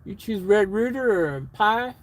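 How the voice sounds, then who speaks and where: A man chatting casually with viewers in a live vlog, laughing and getting excited, recorded in a van. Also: high-pitched, moderate pace. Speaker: vlogger.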